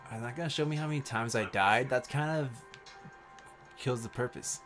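A man streaming a shooter game, commenting casually with loud, swearing, trash-talking outbursts. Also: mid-range voice, brisk, music in the background. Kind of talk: gameplay commentary.

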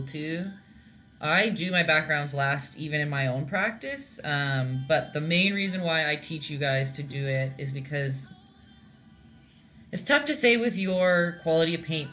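A young woman from Canada talks viewers through a painting lesson in a loose, rambling way, breaking into giggles. Her voice is bright and clear. Faint music plays behind her. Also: sits low. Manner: chatty, giggly, rambling with many fillers. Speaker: painting instructor. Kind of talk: casual live-stream painting lesson.

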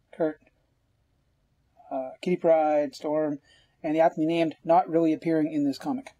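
A man's voice: fairly high pitch, warm tone, husky, no room sound. A man from Canada with a Canadian accent, ranting sarcastically and rambling through a comic book review as podcast host.

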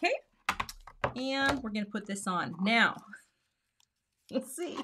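A woman's voice: on the high side, expressive, takes it slowly, noisy background. A woman hosting a casual live craft demo, talking herself through each step and murmuring asides under her breath. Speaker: card-making host.

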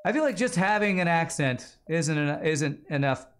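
A male streamer gives loose live commentary on his game. He jokes, rambles, and swears often, in a slightly high voice. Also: measured pace. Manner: joking, rambling, profane.

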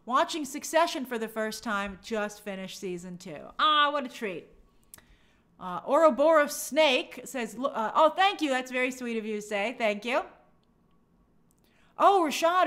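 In a high-pitched, animated voice that sounds pushed and bright, a New York livestream host reads viewer comments at a normal speed. It's a casual, gushing, bubbly chat, and hard names trip her up.

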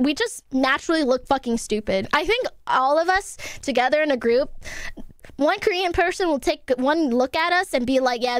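Woman, young adult, streamer, very high voice, animated, swears a lot, dry sound. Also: no room sound. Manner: animated, swearing, laughing storytelling. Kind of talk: casual stream chat to viewers.

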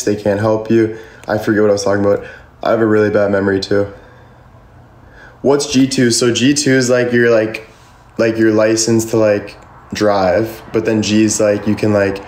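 A man's voice: lowish voice, a little mellow. A young man casually chatting on a livestream and answering comments, rambling with constant "like" fillers and frequent swearing. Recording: echoey room with faint ambience.

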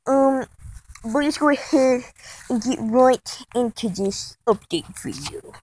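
A young woman records a chaotic comedic vlog, rambling and restarting her sentences. Her voice sits high, and she slips easily into silly bursts of excitement. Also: slow pace, rough recording. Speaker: vlogger.

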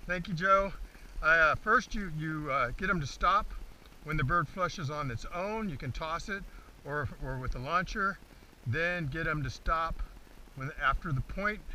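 A man's voice: a little high, bright, forceful tone. A man demonstrating dog training outdoors, explaining to the camera between commands to his dog. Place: outdoors in a field. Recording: distant outdoor recording, faint background noise.

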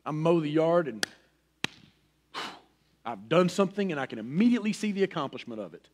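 A middle-aged man preaches a sermon with folksy personal asides. His delivery swings between loud, pressing emphasis and a soft, hushed near-whisper. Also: fairly high pitch, very animated, fairly quick, a little hiss or hum. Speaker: pastor.

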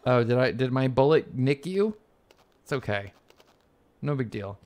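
A man's voice: mid-range voice, a little slow. A man with a Texas accent doing casual, joking commentary while he livestreams a video game. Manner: joking, excitable, swears when frustrated. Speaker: streamer.

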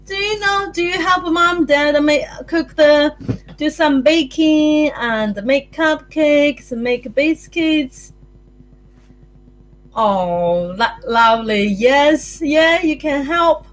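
A woman with a New Zealand accent leading a circle-time lesson for young children, with a sing-song, animated way of talking. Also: high-pitched, takes it slowly, soft background music. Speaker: early childhood teacher.

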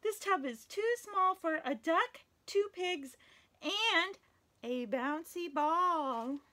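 Library story lady for small kids, very high bright voice, unhurried, sing-song delivery. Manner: animated, sing-song, exaggerated for kids, counts along. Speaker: children's librarian, story time host. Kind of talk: reading picture books aloud to young children.

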